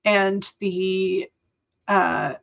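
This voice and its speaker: A woman's voice: mid-range voice, flat delivery, extremely slow, vocal fry. A young woman hosting a writing livestream, chatting casually with many fillers and small laughs. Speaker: writing sprint livestream host. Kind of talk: casual chat to live viewers. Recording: dull lo-fi sound.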